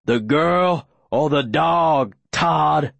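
A man voicing a menacing, fanatical preacher who speaks slowly with an eerie calm, as an audiobook character. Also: fairly high pitch, vocal fry, dry recording, heavily acted. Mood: cold calm. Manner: slow, drawn-out, eerily calm delivery.

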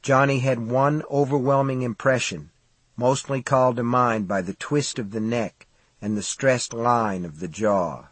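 Male audiobook narrator, husky, dry close recording, steady measured read. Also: mid-range voice, no echo. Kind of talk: scripted narration.

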